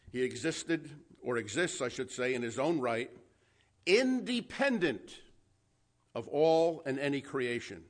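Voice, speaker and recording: A male preacher giving a Bible-teaching sermon in a mid-range voice. He drives his points home with emphasis, slowing right down on the words that matter. He turns to his listeners with questions as he works through the text. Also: mid-range voice. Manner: emphatic, slows down to stress key words.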